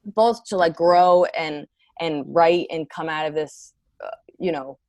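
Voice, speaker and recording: A woman with a low voice talks in a loose, rambling way, often correcting herself mid-sentence. She sounds animated as she tells stories on a video call. The sound is dry and close, with no room echo. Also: unhurried. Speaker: stand-up comedian guest. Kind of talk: casual interview chat.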